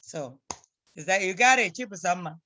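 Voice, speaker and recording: A woman's voice: lowish voice, expressive, normal speed, sharp tone. A woman teaching a language class over a video call, patiently repeating phrases for her students to copy. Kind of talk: online class instruction.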